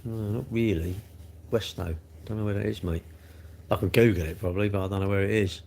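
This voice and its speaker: A man's voice: fairly low pitch, fairly even intonation, a little fast, vocal fry, darkish tone, a little hiss or hum. A man in his sixties with a South London accent, chatting casually on a livestream and answering comments, rambling and tagging questions onto everything. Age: 60s. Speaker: livestream host.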